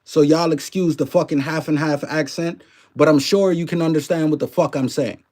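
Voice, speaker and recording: A man's voice: fairly high pitch, fairly even intonation, normal speed, darkish tone. A man with a mixed New Orleans and Canadian accent hosting a live stream, loose and chatty, swearing freely and greeting viewers by name. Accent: mix of New Orleans and Canadian. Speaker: livestream host. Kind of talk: casual live-stream commentary.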